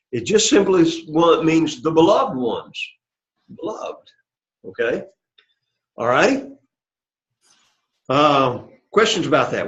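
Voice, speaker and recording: Patient man teaching Greek class, lo-fi. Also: fairly high pitch. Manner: patient, checks in with "okay?" and "all right?". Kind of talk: classroom lecture.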